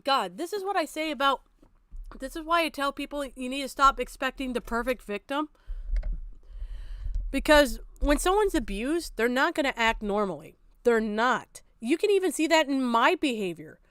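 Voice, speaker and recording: A high-pitched woman talks straight into a dry, close mic during a reaction stream. Her commentary is blunt and profane, full of exasperated asides. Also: expressive, normal speed, fairly bright tone, clear, resonant tone, no echo. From outside America.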